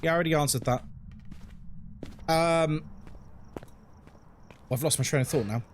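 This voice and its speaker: A man's voice: on the high side, a little slow, slight background noise. A man with a London accent, chatting frankly on a live game stream and answering his chat as he plays. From England.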